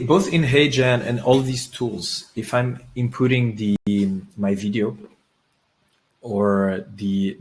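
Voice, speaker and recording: Man, fairly low voice, hosting a webinar, halting speech, restarts while clicking through a demo. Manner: halting, many restarts while working on screen. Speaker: webinar host. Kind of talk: live webinar demo, casual.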